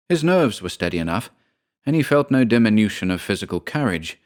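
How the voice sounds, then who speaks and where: A man narrating a ghost story in a measured, deliberate way, as an audiobook narrator. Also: medium pitch, a little mellow.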